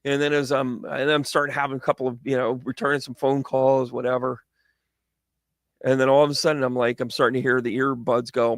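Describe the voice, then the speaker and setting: A man's voice: medium pitch, a little fast, no echo, studio quality. A man hosting his own show as a psychic medium, telling a rambling, jokey story full of tangents. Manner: animated, tangent-prone, jokey.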